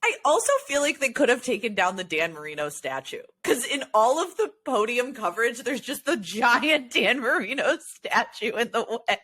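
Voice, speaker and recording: A woman co-hosting a casual sports podcast, animated and often breaking into laughter. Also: fairly high pitch, moderate pace, few pauses, slightly rough. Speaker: podcast co-host. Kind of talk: casual chat.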